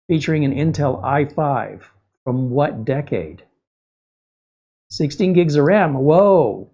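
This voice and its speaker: A male livestream host with a slightly husky, breathy voice, talking casually. He slips into exasperated, sarcastic rants as he goes. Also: medium pitch, dark tone.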